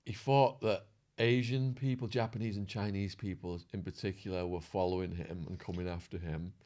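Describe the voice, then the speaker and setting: A man guest on a podcast, telling a wild story with lively acted-out quotes, swearing and laughing along the way. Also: sits low, normal speed. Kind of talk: animated storytelling.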